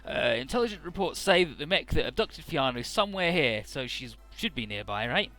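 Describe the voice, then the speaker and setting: A man's voice: a little high, big pitch swings, a little fast, pushed and bright. A man narrating a video game in a casual, profane style, loosely paraphrasing the dialogue. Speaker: let's play narrator.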